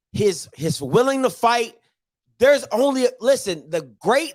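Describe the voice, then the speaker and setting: Man, very high voice, lively swinging pitch, slangy sports rant, dry close mic. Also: no echo. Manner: excitable, repetitive, slangy trash talk. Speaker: sports show host. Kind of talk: animated sports recap rant.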